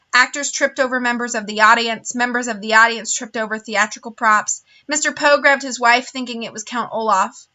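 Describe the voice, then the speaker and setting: A woman's voice: a little high, pushed and bright. A woman reading a novel aloud with wry, dramatic storytelling. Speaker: reader.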